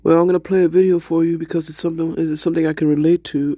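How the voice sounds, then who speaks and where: A man's voice: fairly high pitch, flat delivery, fast talker, dry recording, dull audio. A man co-hosting a late-night livestream, laughing often, repeating himself and greeting viewers by name. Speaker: livestream co-host. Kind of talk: casual livestream chat.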